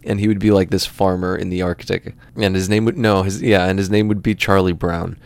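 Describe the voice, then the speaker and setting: A man's voice: sits low, flat delivery, fairly quick, darkish tone, no echo. A man in his late twenties hosting a podcast, telling rambling, self-deprecating comedic stories full of absurd tangents. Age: late 20s. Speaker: podcast host.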